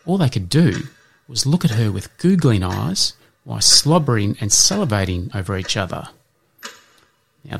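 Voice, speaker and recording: Low-voiced man hosting a kids' learning podcast. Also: fairly bright tone, slight background noise. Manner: measured, spells things out, slips in dad jokes. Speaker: podcast host. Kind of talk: educational podcast narration.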